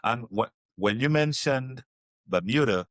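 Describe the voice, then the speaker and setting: A man's voice: medium pitch, lively intonation, a little slow, a bit bright, no echo. A man hosting a travel podcast, reacting with short affirmations and sharing his own stories. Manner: enthusiastic, lots of short affirmations. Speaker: podcast host. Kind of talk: casual interview chat.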